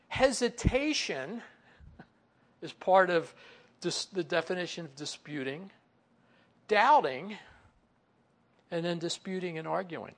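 A man's voice: sits high, lively intonation, unhurried, long pauses, a bit bright. A man preaching a sermon in a conversational way, with many asides and muttered inner voices that he acts out. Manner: conversational, with frequent "you know" asides. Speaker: pastor.

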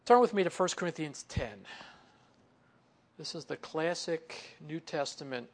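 Gravelly male pastor preaching conversationally. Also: expressive, unhurried. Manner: conversational, with frequent "you know" asides; acts out grumbling inner voices in a lower mutter. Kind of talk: sermon.

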